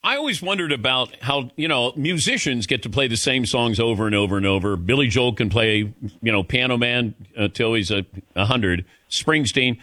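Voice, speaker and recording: A man hosting a radio interview in casual chat, quick to laugh and asking short questions. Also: medium pitch, expressive, pushed and bright, no room sound.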